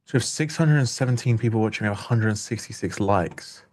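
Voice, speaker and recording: A man's voice: on the low side, quick pace, darkish tone. A young man co-hosting a live trading stream, chatting casually and jokingly, often restarting his sentences. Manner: joking, rambling, self-interrupting. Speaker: livestream trading co-host.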